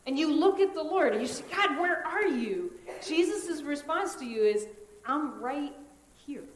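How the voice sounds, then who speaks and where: High-voiced woman preaching in an echoey sanctuary. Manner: earnest, conversational preaching with dramatic pauses. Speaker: pastor. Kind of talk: sermon. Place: church sanctuary.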